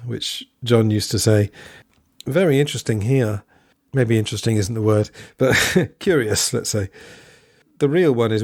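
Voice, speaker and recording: A man's voice: fairly low pitch, normal speed, darkish tone, dry recording, clean studio sound, faint music behind. A man hosting a podcast, talking through a film review in a musing, digressive way with asides. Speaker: podcast host. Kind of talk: solo film review commentary.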